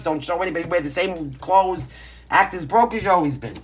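A woman's voice: fairly low pitch, fairly quick, husky. A woman from Brooklyn with a Brooklyn accent, giving a casual tarot reading from home in a blunt, brash, emphatic way. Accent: Brooklyn New York. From Brooklyn, New York. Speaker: tarot reader. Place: home, pets nearby.

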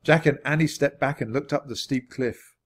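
A man narrating a children's audiobook in an expressive reading voice. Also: moderate pace. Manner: expressive, varied pitch. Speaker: audiobook reader.

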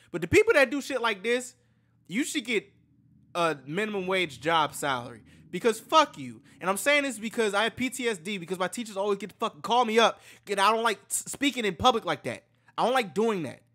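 A young man reacting to online clips, talking casually with lots of cursing, swinging between loud rants and low mumbles. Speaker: reaction video host.

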